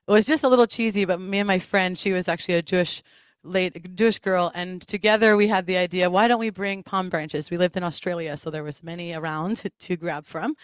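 A woman's voice: on the low side, clear, resonant tone, dry recording. A woman telling a personal testimony during a church service, then leading into worship, with laughs and restarts as she tells it. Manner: animated storytelling with laughs and restarts. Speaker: worship leader. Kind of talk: sermon testimony.

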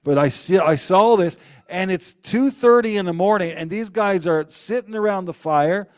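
A man preaching a sermon, telling personal stories in an animated way and acting out the quotes loudly. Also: high-pitched, normal speed, clean tone.

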